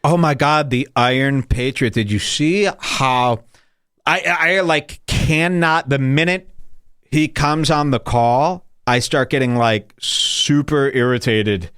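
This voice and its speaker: A man hosting a podcast, ranting crudely and mockingly, now and then jumping into high put-on voices. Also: takes it slowly, fairly bright tone, clear, resonant tone, dry recording, clean studio sound. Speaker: podcast host. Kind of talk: crude comedic podcast rant.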